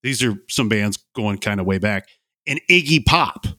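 A man's voice: on the low side, expressive, moderate pace, sharp tone, no echo, studio quality. A man hosting a casual podcast chat, telling long meandering stories with plenty of fillers. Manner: rambling, meandering storyteller with frequent fillers. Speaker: podcast host.

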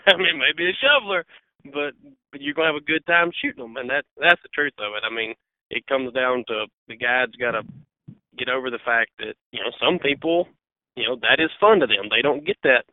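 Man, talk show guest, blunt, passionate, lively pitch, phone-line sound. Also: fairly quick, no room sound. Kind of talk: casual talk show chat. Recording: phone-line, dry and tinny.

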